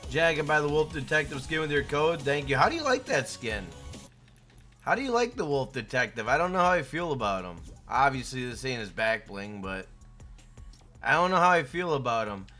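A man's voice: mid-range voice, sing-song, moderate pace, faint music behind. A young man live-streaming a game, chatting casually and hyping up his chat by name. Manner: hyped, shouts out chat names.

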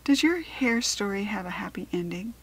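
A woman's voice: medium pitch, animated, normal speed, slightly rough, voice pushed up. A woman voicing an eager young farm girl in a children's storybook, lifting her voice for the girl's questions. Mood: earnest.

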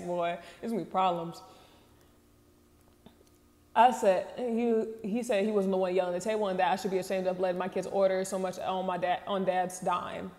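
A woman in the middle of her pitch range talks casually as she hosts, reading posts aloud and tossing in slangy, candid reactions. Her voice trails off into a long reverb. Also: darkish tone. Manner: chatty, candid, quick reactions with laughs and slang.

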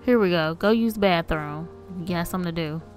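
A woman's voice: lowish voice, a little fast, faint music behind. A woman casually narrating a life-sim game, chatty and amused, talking to the characters on screen. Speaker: game streamer.

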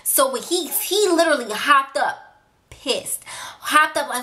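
Bright, high-voiced young woman telling a story. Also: measured pace. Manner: animated, chatty storytelling, addressing viewers directly. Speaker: vlogger. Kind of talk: casual storytime chat to camera.

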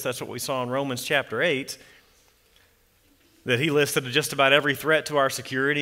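Man, pastor, earnest sermon, bright tense tone, long church reverb. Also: medium pitch. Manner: earnest expository preaching, slows and softens for scripture reading. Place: church sanctuary.

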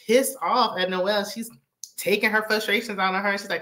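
A woman's voice: medium pitch, brisk. Sassy chatty woman recapping TV. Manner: sassy, chatty, animated asides. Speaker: TV recap host. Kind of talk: casual reality TV recap commentary.

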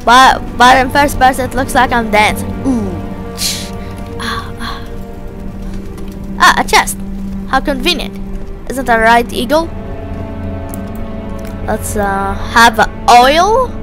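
A woman's voice: fairly high pitch, lively intonation, takes it slowly, long pauses, over music. A woman giving playful, jokey let's play commentary, talking to the objects in the game. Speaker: gamer.

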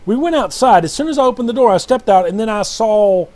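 A man's voice: high-pitched, lively intonation, fast, hardly any pauses, darkish tone. A man preaching and recounting a dream in a rambling, repetitive, fervent way, often calling out to "brothers and sisters.". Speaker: self-styled prophet and preacher. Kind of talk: late-night dream testimony and preaching. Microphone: recorded alone at night.

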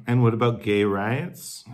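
A man in character as a supportive friend in a comedy sketch, gushing and emphatic, coaxing sympathetically, then swearing in indignant bursts. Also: lowish voice. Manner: gushing, emphatic and profane, with drawn-out stressed phrases. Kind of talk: comedic sketch monologue to the camera. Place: home, where he lives in the city.

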